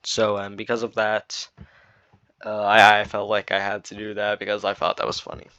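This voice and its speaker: A man's voice: fairly low pitch, monotone, moderate pace, bright, forceful tone, no room sound. A man giving casual commentary on his own video, rambling with lots of fillers and restarts. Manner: rambling, filler-heavy explaining. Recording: dull dry lo-fi mic.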